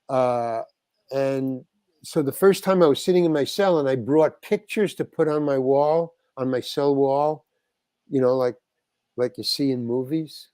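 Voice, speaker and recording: A man's voice: mid-range voice, moderate pace, warm tone, dry recording. An older man, a guest actor, telling a rambling anecdote in an interview, stopping and restarting as he acts out the exchanges he quotes.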